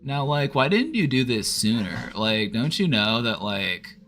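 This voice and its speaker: A man's voice: medium pitch, sing-song, unhurried, a bit bright, slight background noise. A man voicing a whiny, nasal know-it-all teenager who nags and lectures. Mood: whiny nagging.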